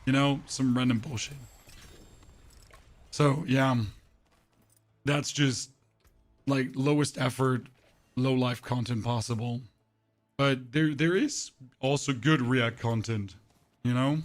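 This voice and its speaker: A gaming streamer talks with his viewers through a voice changer during a casual livestream, his mid-range voice steady and slow with frequent pauses. He's opinionated and prone to ranting, and he often trips over his words.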